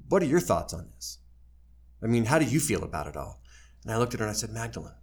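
A middle-aged man telling his life story to a live audience, candid and wry, poking fun at himself. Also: medium pitch. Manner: wry, self-deprecating, animated when quoting others.

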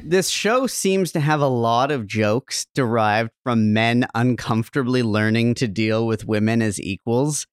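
Man with a smooth, dry voice. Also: medium pitch, a little slow, few pauses, no room sound. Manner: thoughtful, analytical, stumbles while framing points. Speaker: podcast co-host. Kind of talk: casual discussion of a TV show.

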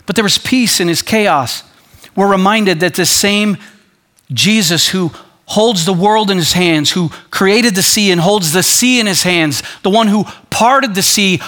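Delivering a sermon at an unhurried pace, a male pastor stays animated, voicing the people he quotes and sinking into a soft, low tone when he wants to stress a point.

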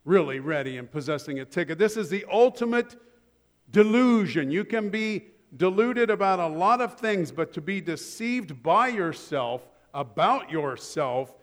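A man preaching from the pulpit in a relaxed, conversational style, leaning on wry everyday anecdotes to drive his points home. His voice sits a little higher than most men's and carries a long reverb tail from a large sanctuary. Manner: conversational preaching with humorous asides. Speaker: pastor. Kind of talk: sermon.

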